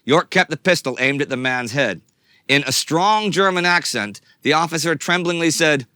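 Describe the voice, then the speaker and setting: A man's voice: fairly high pitch, moderate pace, dry recording. A man narrating a scripted history documentary in a dramatic storytelling manner. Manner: dramatic storyteller, swings between tense and hushed.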